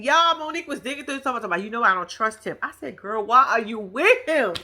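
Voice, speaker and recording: Bright, animated woman recapping a reality show. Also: on the high side, fast talker, hardly any pauses. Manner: animated, profane, laughing asides. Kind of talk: casual reaction commentary.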